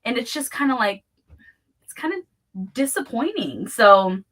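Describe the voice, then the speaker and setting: Bright-voiced chatty woman co-host. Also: on the high side, very animated, unhurried. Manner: chatty, lots of fillers like "like". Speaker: podcast co-host. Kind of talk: casual chat.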